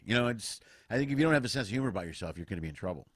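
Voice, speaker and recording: A middle-aged man hosting a casual remote comedy chat, an animated storyteller who acts out other people's voices. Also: fairly low pitch, rapid-fire, no echo. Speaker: podcast host. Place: home, remote video chat.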